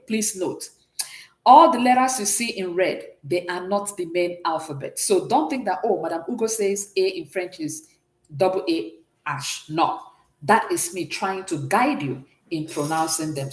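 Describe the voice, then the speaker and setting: Patient woman teaching French, lively voice. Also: medium pitch, reverberant, poor audio. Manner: patient, repeats and checks understanding often. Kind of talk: classroom language lesson.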